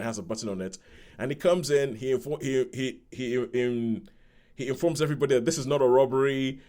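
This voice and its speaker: A man co-hosting a podcast, his voice sitting at an average pitch. He rambles through a film review in a loose, casual way. He restarts his sentences often and acts out quotes from the film. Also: a little mellow. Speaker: podcast co-host.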